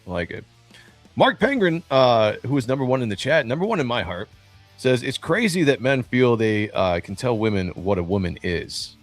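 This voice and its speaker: A man's voice: mid-range voice, big pitch swings, normal speed, faint music behind. A man in his forties hosting a livestream in casual chat, rambling with many fillers and restarts over a remote call. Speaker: livestream host. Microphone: remote call over a streaming studio.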